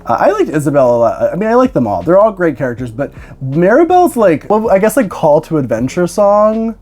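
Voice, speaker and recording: A young woman hosts a casual doll unboxing vlog, tired yet bubbling with excitement. Her pitch swings widely as she talks. She swears freely and breaks into laughter often. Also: a little fast. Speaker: doll collector and reviewer.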